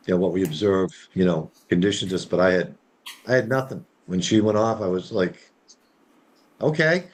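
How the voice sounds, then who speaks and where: A man with a fairly low voice tells a personal story in a relaxed group chat. He meanders through it, full of fillers and small asides. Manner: rambling, with many fillers and laughs. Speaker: discussion participant. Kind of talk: casual storytelling.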